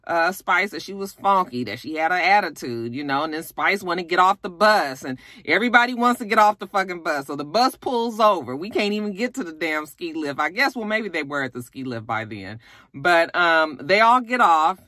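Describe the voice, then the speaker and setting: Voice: mid-range voice, animated, fairly quick, bright, forceful tone, no echo, clean studio sound. A YouTube host giving a casual, profane recap of a reality show, talking candidly to viewers. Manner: candid, blunt and profane, chatty asides to viewers.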